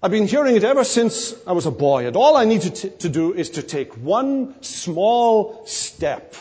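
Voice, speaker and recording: A man's voice: high-pitched, very animated, normal speed, a little mellow, breathy edge, voice pushed up, exaggerated voice. A man voicing a self-assured religious man who insists, breezy and confident, that salvation is easy. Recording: long hall reverb.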